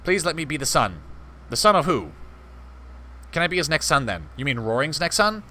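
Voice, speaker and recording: A man's voice: on the high side, sing-song, brisk, sharp tone. A man giving casual commentary on a strategy game, chatty, talking to his viewers and laughing easily. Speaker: gameplay host.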